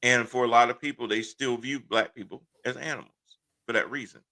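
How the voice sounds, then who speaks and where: A man's voice: medium pitch, steady tone, brisk, sharp tone. A man hosting a casual livestream talk show, blunt and impassioned, laughing often. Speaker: host.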